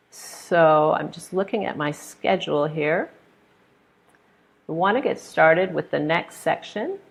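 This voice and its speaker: A woman's voice: sits low, gravelly. An American woman teaching pronunciation in a live online lesson, patiently demonstrating intonation with examples. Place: hot room.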